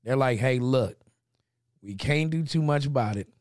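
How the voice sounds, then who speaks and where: A man's voice: medium pitch, normal speed, a little mellow, no echo, studio quality. Laid-back man telling stories on a podcast. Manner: loose storytelling, jumps into impressions. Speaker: podcast co-host. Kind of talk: casual banter.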